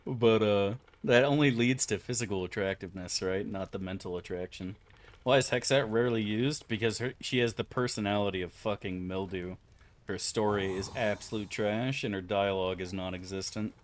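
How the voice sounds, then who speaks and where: A man with a fairly low voice, talking loosely with his viewers as he streams a game. He is from Florida and rambles from one topic to the next in an offhand, profane way. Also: moderate pace. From Florida, USA. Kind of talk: casual chat while gaming.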